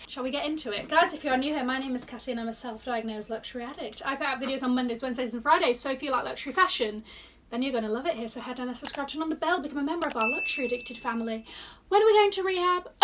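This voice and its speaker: Gushing high-voiced woman. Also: distant mic, slight background noise. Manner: gushing, excitable, chatty with gasps and laughs. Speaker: luxury fashion vlogger. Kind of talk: casual unboxing chat.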